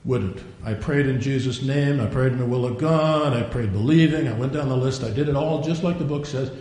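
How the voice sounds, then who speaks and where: A man's voice: mid-range voice, a little fast, a little mellow. An older man preaching a sermon in a folksy storytelling way, acting out dialogue and prayers. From Norwegian. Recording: very echoey room, faint noise.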